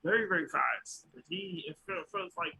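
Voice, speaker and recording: A man co-hosting a podcast in casual chat, joking and animated, with halting restarts. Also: fairly high pitch, vocal fry, a little hiss or hum, rough recording. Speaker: podcast co-host.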